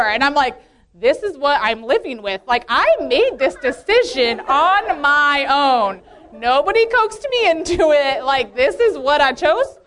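Chatty young woman with high voice. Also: sing-song, unhurried, fairly bright tone. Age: 20s. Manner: chatty and earnest, heavy use of "like", laughs often. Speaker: youth leader speaking at a women's meeting. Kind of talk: casual testimony talk.

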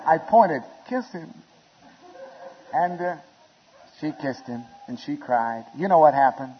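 A man preaching a sermon in a church, telling wedding stories with chuckles and building to shouted appeals. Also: a little high, unhurried, slightly rough. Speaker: pastor. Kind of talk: storytelling sermon. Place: church sanctuary. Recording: lo-fi recording with long hall reverb.

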